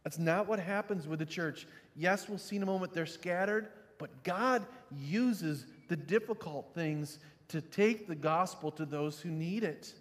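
A pastor giving a sermon, dropping to quiet, low reflection and rising to loud, emphatic preaching. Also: male voice, unhurried, few pauses, big-room sound.

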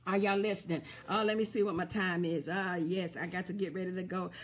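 A woman preacher giving a sermon, repeating refrains and asking the congregation if they hear her, building up to shouts. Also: fairly low pitch, steady tone, a little fast, husky.

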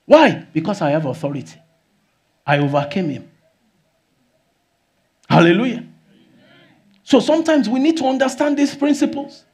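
A man preaching a sermon as pastor, often exclaiming hallelujah and rising to shouts. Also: high-pitched, moderate pace, long pauses.

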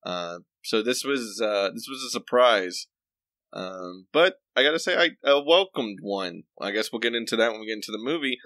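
A young man co-hosts a movie podcast remotely from home, laid-back and rambling with plenty of fillers. His voice is fairly low, a bit bright and animated, at normal speed, with no room sound.

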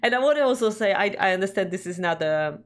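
A woman's voice: mid-range voice, lively intonation, quick pace. A middle-aged woman with a Polish accent, casually chatting as a reaction-video co-host, reflective and hesitant, often searching for words. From Poland. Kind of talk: casual chat.

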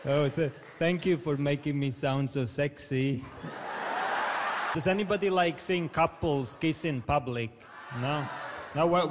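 Deadpan comedian with a foreign accent. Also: male voice, fairly high pitch. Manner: awkward pauses, laughs at own jokes. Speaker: stand-up comedian contestant. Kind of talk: deadpan absurd one-liners. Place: large theatre stage. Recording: reverberant hall with loud noise.

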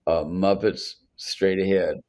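A man's voice: low-pitched, fairly even intonation, slow pace, darkish tone. An older man, a songwriter guest on a podcast, telling long anecdotes with many restarts. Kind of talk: storytelling in a podcast interview.

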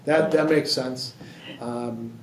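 Slow and steady in tone, a man with a mid-range voice leads a library book discussion. He thinks aloud casually, often restarting and using fillers, and the audio has a roomy hall sound, a distant mic, and faint noise.

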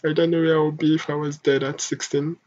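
A young adult vlogger from Africa, speaking in a soft, halting, emotional confessional monologue. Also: medium pitch, little pitch movement, slight background noise. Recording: dull lo-fi home recording.

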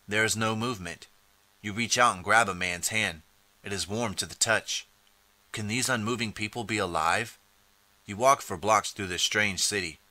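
Reading scripted second-person narration, this male audiobook narrator speaks in a low, sharp, forceful voice and announces which page to turn to. The audio is close and dry, without any room sound.

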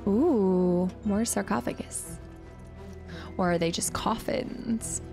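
A young woman streaming a video game, chatty and excitable, thinking aloud as she plays. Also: medium pitch, slow, faint music behind. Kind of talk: casual let's-play commentary.

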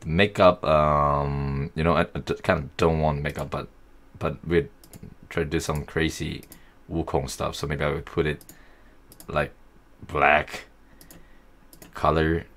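A young man casually talking through a software tutorial, thinking aloud as he works. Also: extremely low pitch, flat delivery, a little slow, pauses often. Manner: easygoing, thinking aloud while working. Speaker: tutorial host.

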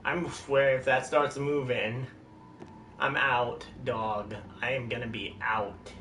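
A man giving casual, jokey commentary while live-streaming a game, with sudden excited outbursts. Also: medium pitch, slow. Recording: roomy, distant mic, noisy.

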